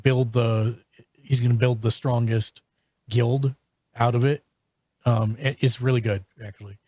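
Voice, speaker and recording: A man hosting a casual podcast, talking at an ordinary middle pitch. He stumbles through restarts and fillers as he reviews shows. His voice is recorded close and dry, with no room sound. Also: fairly even intonation, dark tone, no room sound. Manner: halting, full of restarts and fillers. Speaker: podcast host.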